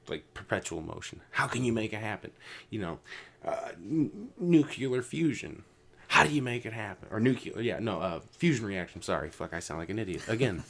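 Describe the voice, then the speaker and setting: A man hosting a casual podcast, ranting with lots of swearing, jumping between loud outbursts and low mutters. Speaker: podcast host.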